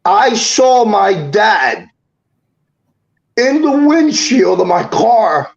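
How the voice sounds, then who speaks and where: A man on a talk show, retelling a painful family story in a rapid, halting way, restarting lines and acting out what each person said. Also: sits high, very animated. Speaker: guest telling a personal story. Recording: dull lo-fi show audio.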